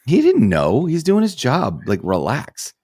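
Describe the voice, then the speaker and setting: A man co-hosting a podcast, a former narcotics officer recounting police anecdotes in a measured, wry way. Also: mid-range voice, huge pitch swings, dark tone, breathy edge, no echo, clean studio sound. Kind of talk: casual storytelling.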